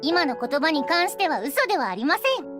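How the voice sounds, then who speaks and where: Playful, fibbing young woman in a game scene: very high, fast and bouncy, with roomy sound and music underneath. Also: big pitch swings. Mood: teasing. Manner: lightly teasing, speaks of herself in third person. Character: playful young woman, a cheerful habitual liar. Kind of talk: game voice acting.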